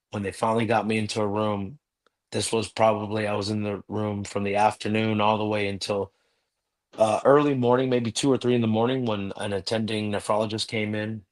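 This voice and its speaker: A man's voice: fairly low pitch, level tone, moderate pace. A man telling a personal story earnestly as a guest in a live interview.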